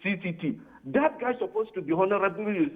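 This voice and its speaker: A man's voice: high voice, lively intonation, brisk. A man calling into a TV debate show, giving his view and repeatedly asking "you understand?". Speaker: caller. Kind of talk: phone-in comment. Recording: tinny phone line.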